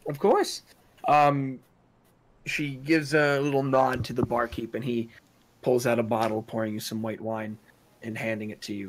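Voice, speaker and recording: A man narrating as game master of a tabletop role-playing game, halting often with fillers and restarts. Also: medium pitch, little pitch movement, a little hiss or hum.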